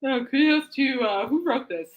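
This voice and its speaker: A woman's voice: high voice, moderate pace, phone-quality sound. Giggly woman podcast host, reads articles aloud with amused asides, snort-laughs.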